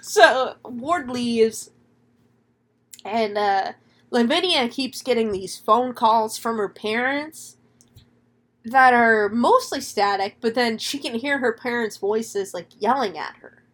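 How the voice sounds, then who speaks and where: A woman's voice: on the high side, slow, a bit bright. A woman hosting a casual podcast chat, retelling a horror film's plot with swearing and laughter. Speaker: podcast host reviewing a horror film.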